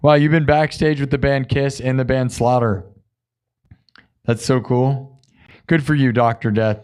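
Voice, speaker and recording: A man's voice: medium pitch, fairly even intonation, a little slow, darkish tone, smooth. A man hosting a live music stream, chatting casually with viewers, laughing often and acting out quotes.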